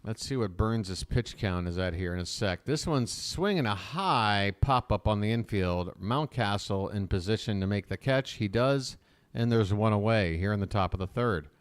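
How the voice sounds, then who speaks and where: A man calling live baseball play-by-play as a fan commentator, chatty and opinionated between pitches. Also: animated, moderate pace, clean tone, no room sound.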